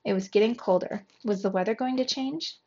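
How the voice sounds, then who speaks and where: A woman, a teacher, narrating a children's storybook aloud with lively expression. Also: medium pitch, fairly quick, husky, dull audio.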